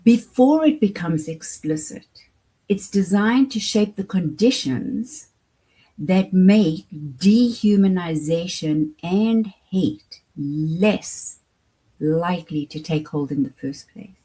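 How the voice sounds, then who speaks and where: A woman with a South African accent, a guest in an interview, answering in a measured, articulate and deliberate way. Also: fairly low pitch, expressive, dark tone, slightly rough, poor audio. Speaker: guest, education program founder.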